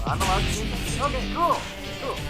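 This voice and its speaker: A man's voice: high voice, sing-song, moderate pace, bright, forceful tone, faint music behind. A man co-hosting a live radio show, joking and rambling in casual banter.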